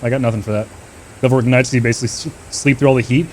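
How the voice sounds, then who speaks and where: A man's voice: mid-range voice, fast, darkish tone, a little hiss or hum. A man streaming a flight simulator, trading loose, profane banter with his chat and making short radio calls to teammates.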